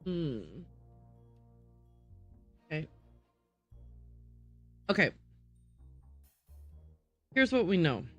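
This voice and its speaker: A woman's voice: lowish voice, big pitch swings, very slow, long pauses, fairly bright tone, faint music behind. A woman streaming a game, thinking aloud and muttering to herself as she works through word puzzles. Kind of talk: casual gameplay livestream.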